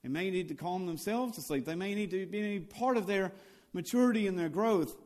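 A male pastor preaching a sermon, swinging between loud and hushed lines and building on repeated phrases. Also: high voice, expressive, normal speed.

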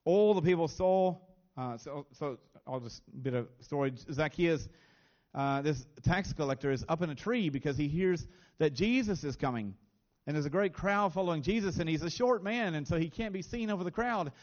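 A man's voice: fairly high pitch, normal speed, darkish tone, highs cut off. A man preaching a sermon as pastor, earnest, often repeating words as he presses a point.

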